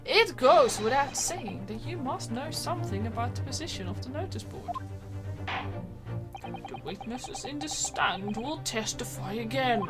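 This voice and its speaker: A woman streamer voicing a stern elderly male courtroom judge, commanding and booming as she reads the game's lines. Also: close to an everyday voice. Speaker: game streamer. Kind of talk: reading game dialogue aloud.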